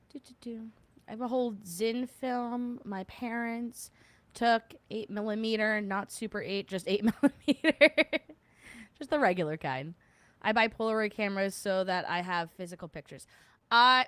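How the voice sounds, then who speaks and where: A woman's voice: medium pitch, a bit bright, smooth, dry recording. A woman in her thirties hosting a casual lunch-break chat, rambling and laughing with many likes and fillers. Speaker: podcast host.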